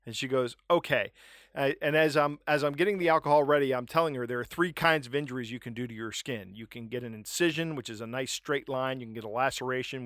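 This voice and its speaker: A middle-aged man hosting a comedy podcast, ranting wryly and telling animated anecdotes. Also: medium pitch, no echo, studio quality. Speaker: podcast host. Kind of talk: casual comedic podcast chat and storytelling.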